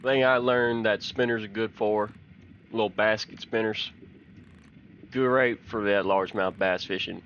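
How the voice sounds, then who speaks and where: A man's voice: fairly low pitch, a little slow, muffled recording, slight background noise. A man from Texas, giving folksy, chatty commentary on a fishing game and telling fishing stories. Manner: folksy, chatty, excited when fish bite. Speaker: gaming channel host.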